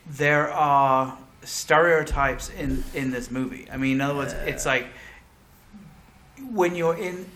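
A British man with a bright, fairly high voice co-hosts a casual podcast. He rambles in halting starts and swears freely. An echoey room rings around him. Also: a little hiss or hum. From Britain. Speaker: podcast co-host.

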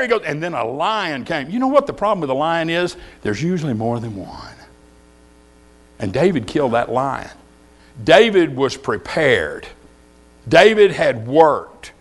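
A middle-aged man preaching a folksy, joking sermon full of stories. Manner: folksy, joking, animated storytelling with big pitch swings.

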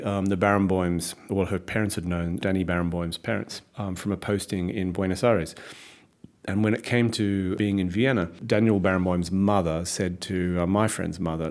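A middle-aged Australian man, a conductor and author, speaks as a guest in an interview, reflecting thoughtfully while often restarting sentences and using fillers. His voice is low and slightly mellow, with an Australian accent.

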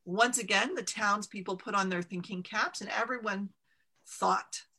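A woman reading a storybook aloud in a lively, expressive way. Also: medium pitch, measured pace, husky.

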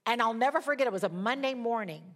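A woman's voice: a little high, quick pace. An older woman teaching a Bible study in a sermon style, telling stories animatedly, laughing along, and acting out the voices of the people she quotes. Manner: animated storyteller who acts out quoted voices.

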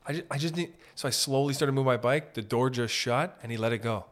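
A man's voice: mid-range voice, quick pace, few pauses. A man from Northern Ontario hosting a podcast, telling profane, rambling comic stories. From Northern Ontario, Canada. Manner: profane, rambling, animated anecdotes. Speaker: podcast host. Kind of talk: comedic storytelling chat.

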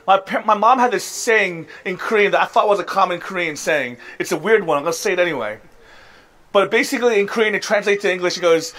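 Man, pastor, high voice, conversational sermon, emphatic, self-deprecating laughs. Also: quick pace, a bit bright. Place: church service.

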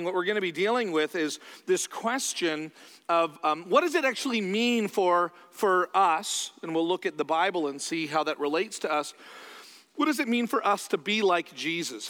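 A man's voice: sits high, sharp tone. A male pastor preaching a sermon in a church, in a conversational style that acts out his listeners' replies. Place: church sanctuary. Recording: long reverb from a large hall.

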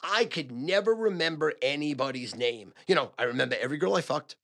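A brash older man talks to camera in a loud, profane rush, hammering the same phrases again and again. His voice is gravelly and bright-edged, and his pitch swings widely as he pushes each point. He sounds like a man who has spent decades selling sports picks. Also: lively intonation, brisk. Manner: loud, profane and emphatic, repeating phrases for punch. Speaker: sports gambling advisor and show host. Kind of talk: casual monologue to camera.

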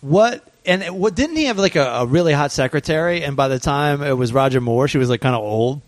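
A man's voice: fairly high pitch, animated, fairly quick, dry recording. A man hosting a comedy podcast, teasing his guests with profane jokes. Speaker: podcast host. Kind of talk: casual comedy banter.

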